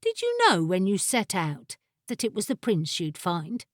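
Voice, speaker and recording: A woman's voice: mid-range voice, huge pitch swings, a little slow, no echo. A woman voicing a tart, sardonic female familiar. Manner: dry, disgruntled, blunt.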